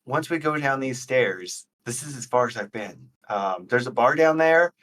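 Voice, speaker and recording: A man playing a tabletop game and speaking partly in character. His voice sits at a middle pitch, and his delivery is dry and wry. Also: animated, moderate pace, fairly bright tone. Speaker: player. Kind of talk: casual tabletop game play.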